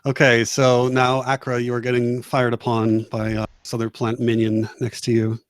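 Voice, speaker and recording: A man's voice: medium pitch, monotone, normal speed. A man narrating a tabletop game as game master, casual and laughing, with many fillers and restarts.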